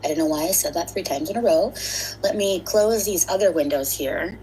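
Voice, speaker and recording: A woman's voice: fairly low pitch, a little fast, dark tone, slight background noise, rough recording. A woman hosting a casual livestream, chatty and rambling as she greets and thanks viewers. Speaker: livestream host.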